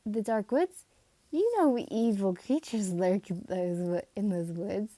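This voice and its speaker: Woman voicing a cocky, haughty young male swordsman for a fan story reading; keep it mellow. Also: mid-range voice, normal speed, no room sound, lightly acted. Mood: nervous. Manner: boastful, self-assured.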